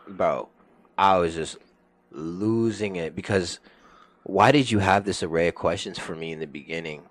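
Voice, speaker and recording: Very deep-voiced young man, animated storyteller. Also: dry recording. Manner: animated storyteller, swears a lot, swings from mutters to yelling. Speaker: podcast guest telling a work story. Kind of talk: casual chat.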